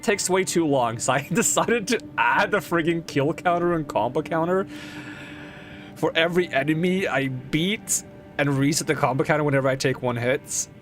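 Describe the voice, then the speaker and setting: A man's voice: fairly high pitch, normal speed, fairly bright tone. Chatty young man streaming a game. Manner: rambling, chatty, laughs often. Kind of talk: casual chat while playing. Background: game music.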